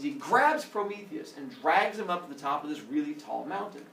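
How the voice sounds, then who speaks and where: A man's voice: fairly high pitch, animated, normal speed, fairly bright tone, slight background noise. A man teaching a class, retelling a myth playfully with lots of sound effects. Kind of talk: animated myth storytelling to a class. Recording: echoey classroom from far off.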